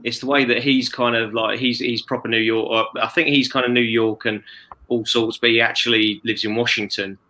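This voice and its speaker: A man's voice: medium pitch, level tone, brisk, bright, forceful tone. A man chatting playfully in a casual group talk, stumbling over restarts. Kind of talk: casual chat.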